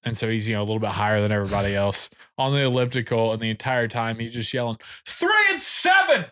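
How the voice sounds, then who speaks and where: A man's voice: lowish voice, little pitch movement, racing, clean tone, dry recording, studio quality. A young man co-hosting a podcast, telling laid-back stories in casual chat. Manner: laid-back storyteller, chuckling. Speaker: podcast co-host.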